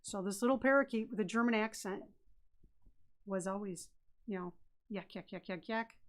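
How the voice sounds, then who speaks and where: A woman's voice: medium pitch, moderate pace. A woman co-hosting a live stream in casual chat. She tells stories and often jumps in while her co-host talks. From Idaho, USA. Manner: chatty storyteller, jumps in often.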